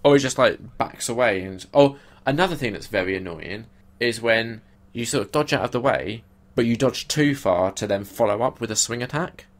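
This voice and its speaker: A young man co-hosting a podcast chats casually, complaining animatedly and swearing freely. His voice is medium-pitched at a normal speed.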